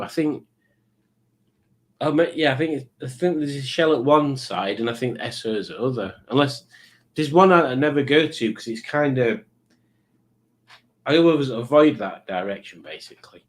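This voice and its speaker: A middle-aged man hosts a live quiz stream in casual chat. He rambles, teases and pokes fun at himself. His voice sits at an everyday middle pitch. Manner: chatty, rambling, teasing and self-mocking. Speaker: livestream quiz host.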